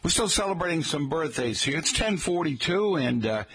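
Folksy New radio host, husky. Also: male voice, a little high, big pitch swings, moderate pace, fairly bright tone, dry recording. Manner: folksy, rambling, keeps calling listeners "folks". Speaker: radio talk show host. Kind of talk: casual radio chat.

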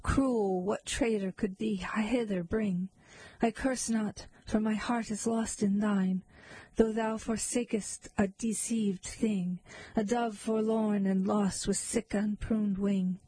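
A frightened, sorrowful young maiden pleads in a narrative poem, voiced by a woman reciting it. The voice is mellow and husky, and the pace is slow and measured. The recording is close and dry. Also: medium pitch, steady tone, rough recording. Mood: sorrowful pleading. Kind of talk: reading a narrative poem aloud.

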